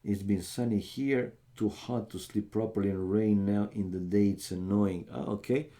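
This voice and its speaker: A young Romanian man with a lowish, steady, mellow voice chats casually with his viewers at a moderate pace. He's live-streaming and casting a strategy game match, calling his audience "man" as he goes.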